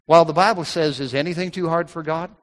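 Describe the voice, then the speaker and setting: A man's voice: fairly high pitch, steady tone, quick pace. Male preacher, emphatic sermon delivery, repeats key lines, reverberant hall sound. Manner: emphatic, repeats key phrases, quotes scripture in old wording.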